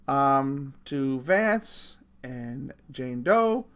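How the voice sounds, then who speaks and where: A man's voice: mid-range voice, sing-song, very slow, a bit bright. A middle-aged man ranting casually to camera, rambling through stories with swearing and self-mocking laughs. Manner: rambling, profane, laughing at himself. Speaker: vlogger.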